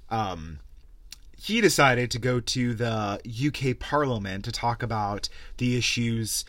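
A man's voice: medium pitch, animated, slow pace, a bit bright, no room sound. A tired man hosting a podcast, ranting sarcastically, swearing freely and laughing as he talks. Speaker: podcast host. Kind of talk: casual rant.

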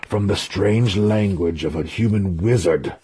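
A man voicing a bitter, obsessive male dark elf wizard who speaks in a tense, growling manner. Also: deep voice, animated, takes it slowly, creaky, breathy edge, no echo, full character voice.

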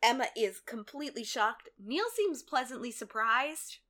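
A woman co-hosting a casual podcast, retelling a TV episode and acting out the characters' lines, sometimes yelling and swearing. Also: on the high side, moderate pace. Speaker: podcast co-host recapping a TV episode. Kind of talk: casual chat.

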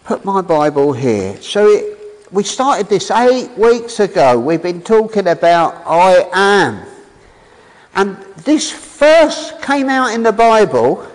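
In a big hall, a high-voiced man delivers a spirited sermon on a roughly recorded track. Animated and enthusiastic, he asks the congregation questions and pauses as he reads scripture aloud.

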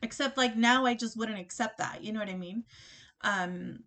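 A woman hosting a podcast, telling a dating story in a chatty, animated way, acting out both sides of the conversation and laughing often. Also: fairly high pitch, normal speed. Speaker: podcast host. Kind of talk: casual storytelling monologue.

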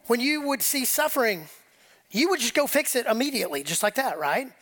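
Man preaching to a congregation; animated, casual, slips into quoted dialogue. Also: very high-pitched, brisk. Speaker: pastor. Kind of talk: conversational sermon. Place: church sanctuary with congregation.

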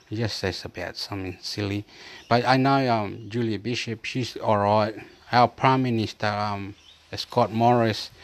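A man from Chile with a voice on the low side rambles in a casual, repetitive monologue. As he goes, he reads bits aloud from a screen.

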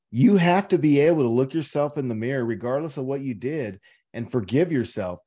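A man's voice: medium pitch, warm tone. Emphatic man giving life advice. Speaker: podcast co-host. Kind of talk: casual chat.

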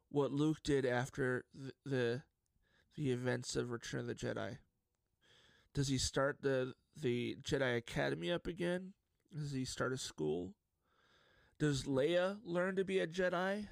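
A man hosting a solo podcast in casual chat, his fairly high voice carrying a gravelly fry. He tells stories excitedly and lets his emotions show. The sound is dry and close, with no room around it. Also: no room sound. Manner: excitable and openly emotional storyteller. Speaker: podcast host.

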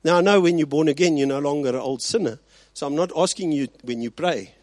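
A male pastor preaching a sermon, swinging between loud emphasis and quiet asides and often checking in with his listeners. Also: fairly high pitch, quick pace, no echo. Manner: rhetorical check-ins with the congregation.

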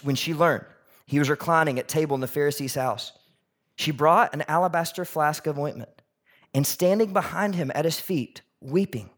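Male pastor, sermon delivery; slightly high pitch, animated, voices characters in the story.

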